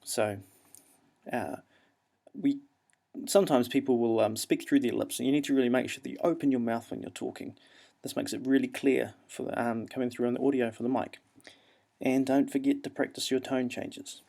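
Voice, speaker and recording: Gravelly New Zealand man teaching. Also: medium pitch, normal speed. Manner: relaxed, explanatory, frequent ums and uhs. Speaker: English teacher. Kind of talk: classroom instructional talk.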